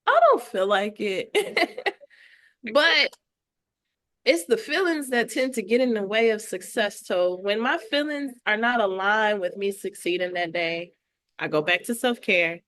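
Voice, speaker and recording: A woman guest on a podcast, an artist and educator, talking in a heartfelt, animated way and laughing often. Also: medium pitch, moderate pace. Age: adult with children. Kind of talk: casual conversational interview.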